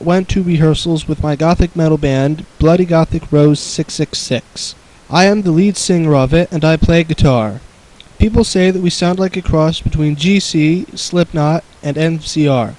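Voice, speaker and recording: A man's voice: on the high side, darkish tone, rough recording. Sarcastic young man reading aloud. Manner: sarcastic, mocking asides. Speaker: host reading a fan story aloud. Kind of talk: comedic dramatic reading with commentary.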